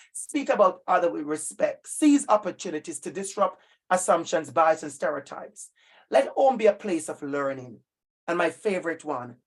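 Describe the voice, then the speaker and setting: A man presenting a community talk to parents and caregivers, speaking in an encouraging, conversational way as he lists tips. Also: high-pitched.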